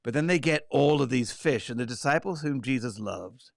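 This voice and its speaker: Gravelly man teaching a Bible study. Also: medium pitch, moderate pace, dry recording, studio quality. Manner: animated, acts out quoted lines with asides.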